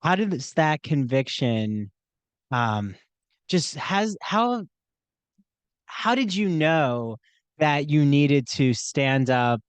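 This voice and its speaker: Slow, smooth-voiced male podcast host. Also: a little high, lively intonation, no room sound. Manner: halting, searching for words. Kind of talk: interview questions.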